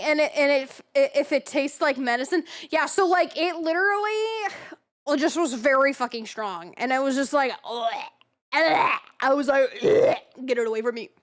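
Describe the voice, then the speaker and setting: This young woman streamer has a high-pitched voice. She tells her story casually and with animation, cursing freely and acting out people's words.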